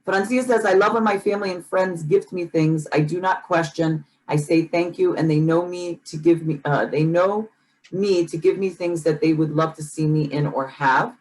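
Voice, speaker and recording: Woman co-host, lower pitch, easygoing, reads comments aloud. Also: moderate pace, darkish tone, rough recording. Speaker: podcast co-host. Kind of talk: casual chat.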